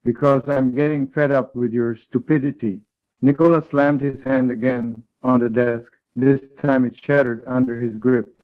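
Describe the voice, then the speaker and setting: A man reading a third-person story aloud in a flat, read-aloud way as a call partner. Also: medium pitch, normal speed. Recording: tinny online call audio.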